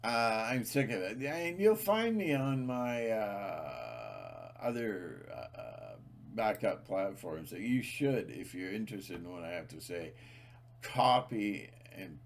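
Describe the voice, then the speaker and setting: A man's voice: fairly low pitch, very animated, slow pace, creaky. A man talking straight to his viewers in a rambling, emphatic monologue, often repeating himself and restarting sentences. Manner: emphatic, repetitive, many restarts and fillers. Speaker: channel host.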